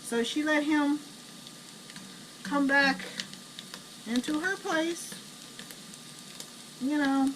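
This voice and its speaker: A middle-aged woman telling blunt, animated family stories while she cooks at home. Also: sits high, extremely slow, pauses often. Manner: blunt, chatty, animated retelling. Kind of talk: casual storytelling while cooking. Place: home kitchen. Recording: distant camera mic, noisy kitchen.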